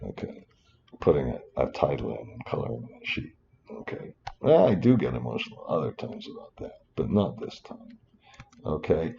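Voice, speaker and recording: Deep gravelly man, rambling and muttering. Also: sing-song, normal speed, dark tone, lo-fi sound, a little hiss or hum. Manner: rambling, self-interrupting, muttering asides. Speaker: finance instructor. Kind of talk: screen-recorded spreadsheet tutorial.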